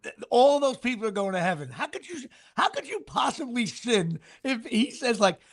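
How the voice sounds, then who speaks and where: A man co-hosting a sports talk show, telling animated stories and doing announcer impressions. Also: extremely high pitch, moderate pace. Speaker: podcast co-host. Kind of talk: casual sports chat.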